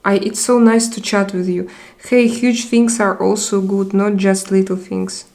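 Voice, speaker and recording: Young woman, live-stream host, unhurried delivery, reads out chat comments and replies. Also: medium pitch, little pitch movement, vocal fry, darkish tone. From Russia. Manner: reads viewer comments aloud and answers them.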